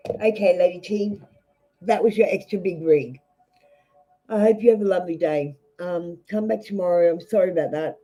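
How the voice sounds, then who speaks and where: A woman's voice: lowish voice, normal speed, mellow, rough recording. An Australian woman giving a live tarot reading to viewers, blunt and rambling, with many fillers and restarts. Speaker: tarot reader.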